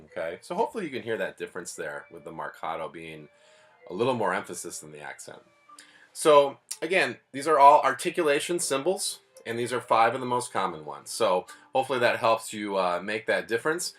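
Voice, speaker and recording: Low-voiced man teaching band class. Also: very animated, a little fast, fairly bright tone, soft background music. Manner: patient, explanatory, plainspoken. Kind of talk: music lesson.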